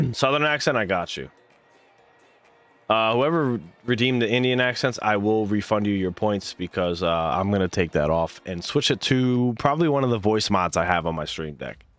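A man's voice: on the low side, moderate pace, few pauses, soft background music. A man streaming as a caster, talking casually and a bit apologetically to his viewers between plays.

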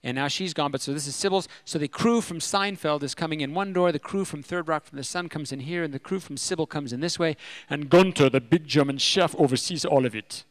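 A middle-aged man telling a personal story at a convention, animated and self-deprecating. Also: on the high side, fairly quick, few pauses, dry recording. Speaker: speaker at a religious convention.

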